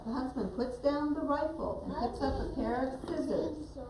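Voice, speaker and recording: A woman teacher with a high-pitched voice and normal pace tells a story and directs the children performing it. The recording comes from far away in an echoey, noisy classroom.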